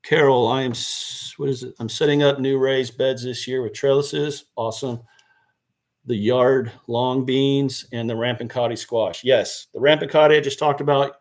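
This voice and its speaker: A man's voice: mid-range voice, fairly even intonation, moderate pace. A man chatting casually on a gardening live stream, answering viewer questions and correcting himself as he goes. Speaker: gardening channel host. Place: indoors by a seed box.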